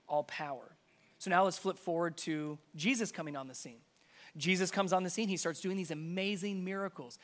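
A man preaching a sermon, emphatic, repeating key phrases and dropping to a hush for stress. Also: high-pitched.

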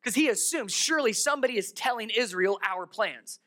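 In a church service held in a darkened theater, a pastor preaches in a relaxed, chatty storytelling style, pausing for asides and questions to the congregation. His medium-pitched voice is bright and forward. He talks a little fast, with few pauses.

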